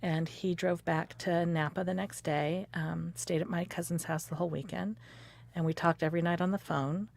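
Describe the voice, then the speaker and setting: Woman, 50s, animated storyteller in a dry booth; slightly low pitch. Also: moderate pace, creaky, no room sound. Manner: animated, laughs often, acts out quotes. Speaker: interviewee recounting her courtship. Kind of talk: personal storytelling conversation.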